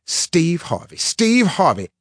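A breathless woman, excited and insistent, lifts her voice high as she shows off her new ring, a man acting her out. She is out of breath and talks in a dry, close sound. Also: takes it slowly, dry recording, full character voice.

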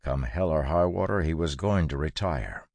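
A man narrating a fantasy audiobook in a measured, steady storytelling manner, recorded in a studio booth. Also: rumbling low, no room sound.

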